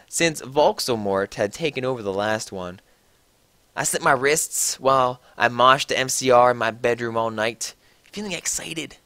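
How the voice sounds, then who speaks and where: A man's voice: medium pitch, no echo. Mock-dramatic man reading a story aloud. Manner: sarcastic, mock-dramatic, animated. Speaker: reader.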